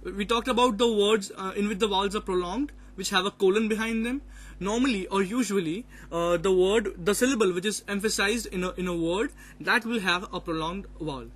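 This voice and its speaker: A man's voice: sits high, fairly quick, a bit bright. A man presenting a phonetics topic in class, partly reading out his notes and hesitating often with fillers. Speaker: student presenter.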